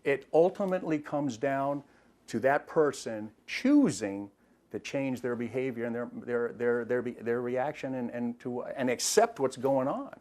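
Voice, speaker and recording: A man's voice: medium pitch, lively intonation, unhurried, darkish tone. A middle-aged man, a retired police officer, explaining things in an interview in a plain way and often repeating words as he thinks.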